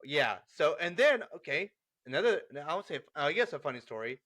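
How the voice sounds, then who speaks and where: A man's voice: on the high side, brisk. A young adult man co-hosting a podcast, casually telling funny stories about his son, acting out the dialogue and laughing often. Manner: animated, laughing, acts out dialogue. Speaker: podcast co-host. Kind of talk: casual storytelling chat.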